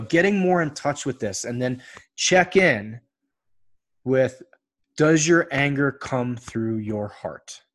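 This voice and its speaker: A podcast host speaks alone to his audience of men in an earnest, coaching way. His voice is husky and sits at a middle pitch for a man. He swears now and then in a loose, casual manner. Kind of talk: solo podcast monologue.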